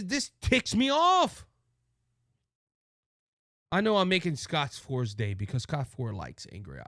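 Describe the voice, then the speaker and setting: Cajun male political host, heated rant, bright sharp high voice, dry studio sound. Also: dry recording. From Louisiana. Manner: impassioned, raises voice, repeats words as he restarts. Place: studio with a monitor.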